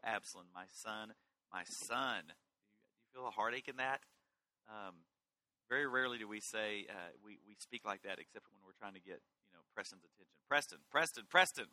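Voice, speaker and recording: A middle-aged man giving a conversational sermon as a pastor, reading Scripture with lively emphasis. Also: on the low side, rough recording. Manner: conversational, animated Bible reading.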